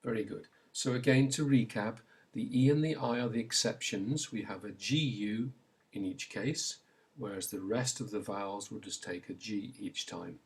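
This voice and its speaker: A man's voice: on the low side, normal speed, breathy edge. A man teaching a pronunciation lesson, patiently modelling sounds and prompting learners to repeat after him. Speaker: language teacher. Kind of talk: slow instructional pronunciation lesson.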